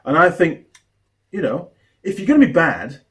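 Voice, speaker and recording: Mechanic host, animated pitch, loose chatty storytelling. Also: male voice, normal speed. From New Zealand. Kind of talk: casual chat while building a model kit.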